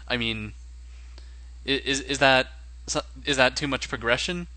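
A man's voice: mid-range voice, steady tone, a little slow, sharp tone, dry recording, poor audio. A man co-hosting a casual podcast about tabletop games, running as game master and thinking aloud in a rambling way.

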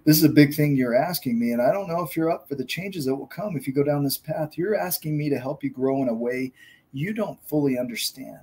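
A man voicing a huge, kind old male giant who speaks slowly and gently. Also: a little high, slight background noise, natural voice. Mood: cautious.

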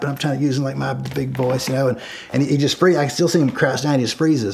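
A middle-aged man recounts a tense memory in a loose, conversational way. His voice sits at an ordinary pitch, and he keeps restarting sentences and leaning on fillers as he talks. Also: fast, gravelly, a little hiss or hum. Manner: rambling, many fillers and restarts, shouts quoted lines loudly. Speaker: storyteller guest. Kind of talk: casual spoken storytelling.

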